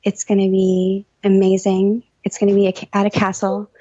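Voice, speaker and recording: A woman's voice: mid-range voice, monotone, moderate pace, warm tone, no echo. An eager, gushing woman speaks as a podcast guest, padding her thoughts with fillers. Her voice comes through dull and lo-fi. The sound is dry and close. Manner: enthusiastic, gushing, many fillers. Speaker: podcast guest, writer and course teacher. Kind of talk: casual interview chat.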